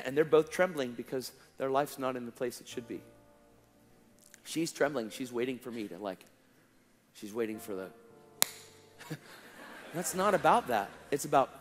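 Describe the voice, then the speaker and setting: A slightly high-voiced man tells a testimony from a stage, animated and casual, full of slang and acted-out dialogue. His voice rings through a long hall reverb, with faint music under it. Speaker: preacher. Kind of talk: sermon testimony storytelling.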